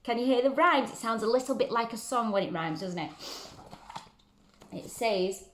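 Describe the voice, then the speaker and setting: Woman reading a children's story, gentle and encouraging, echoey room. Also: on the high side, expressive, normal speed, long pauses. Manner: gentle, encouraging questions to listeners. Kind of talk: reading a picture book aloud to children. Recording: roomy echo.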